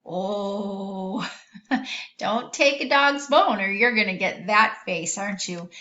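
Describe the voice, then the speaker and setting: A woman teaching a vocabulary lesson to children in a gentle, sing-song way. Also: mid-range voice, animated, normal speed, echoey room, muffled recording.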